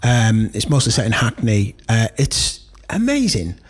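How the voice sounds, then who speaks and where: Husky, enthusiastic man. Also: mid-range voice, big pitch swings, unhurried. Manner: enthusiastic, rambling, many fillers. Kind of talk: casual chat.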